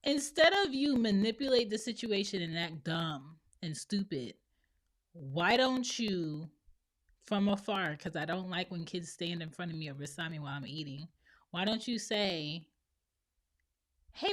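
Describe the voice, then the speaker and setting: A woman's voice: fairly low pitch, animated, moderate pace. A woman around forty hosting a podcast, talking bluntly and opinionatedly on her own and acting out other people's lines. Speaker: podcast host and mother. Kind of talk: solo opinion monologue.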